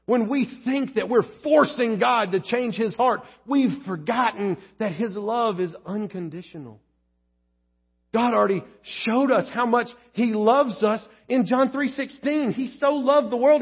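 A man preaching a sermon as pastor, telling stories with lively acted-out voices. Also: sits high, normal speed, husky, muffled recording. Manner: animated storytelling, acting out quoted voices.

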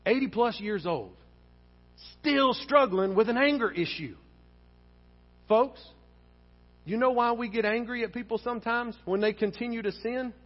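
High-voiced male preacher in echoing church. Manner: animated preaching, acting out dialogue. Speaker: pastor. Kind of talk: sermon. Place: church sanctuary. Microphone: wearing a face mask. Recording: dull sound with long hall reverb.

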